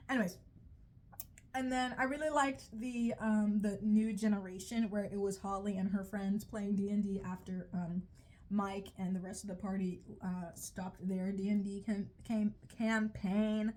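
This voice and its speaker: A woman's voice: mid-range voice, fairly even intonation, normal speed, a little mellow. A young woman giving a casual, rambling, profane video commentary, often stopping mid-sentence and laughing at herself. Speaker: video creator reviewing a show.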